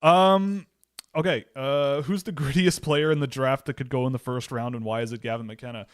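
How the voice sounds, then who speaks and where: A man's voice: mid-range voice, steady tone, normal speed, clear, resonant tone, no echo, studio quality. A young man co-hosting a casual hockey chat show, rambling through anecdotes and often cutting himself off mid-sentence. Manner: rambling, storytelling, self-interrupting. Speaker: podcast co-host.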